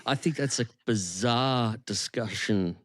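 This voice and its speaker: A man co-hosting a podcast in casual chat, rambling and amused, with many halting restarts. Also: medium pitch, no room sound. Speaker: podcast co-host.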